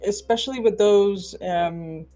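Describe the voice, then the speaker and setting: A woman's voice: mid-range voice, measured pace, mellow, soft background music. Hesitant woman guest on a call. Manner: hesitant, many fillers and restarts, thinking aloud. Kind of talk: casual conversation.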